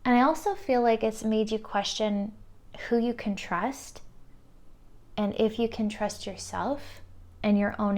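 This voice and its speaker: A woman giving an intuitive pick-a-card tarot reading, soft and earnest, with many "like" fillers. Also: mid-range voice, creaky. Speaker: tarot reader.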